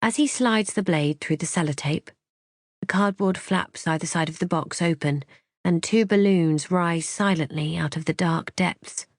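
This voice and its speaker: A woman narrating a first-person thriller audiobook in an expressive, tense storytelling manner. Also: fairly low pitch, normal speed, no echo, studio quality.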